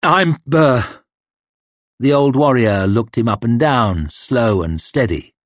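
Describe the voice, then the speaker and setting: A man's voice: mid-range voice, expressive, measured pace, darkish tone, dry recording. A man narrating an audiobook in a tense, dramatic reading style. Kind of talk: scripted narration.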